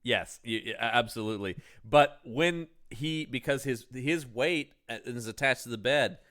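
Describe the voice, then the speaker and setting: A man's voice: mid-range voice, normal speed, fairly bright tone. A man co-hosting a casual podcast, recapping a film's plot and acting out lines. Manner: recounts plot scenes, acting out quotes. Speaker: podcast co-host. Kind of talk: casual movie-recap chat.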